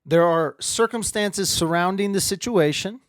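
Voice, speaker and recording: A man chats to his live audience in a loose, rambling way, his voice sitting a little high for a man. The sound is close and dry, picked up by a camera right in front of him. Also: measured pace, no echo. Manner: rambling, chatty storytelling. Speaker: livestream host. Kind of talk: casual livestream chat. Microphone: webcam or phone camera at close range.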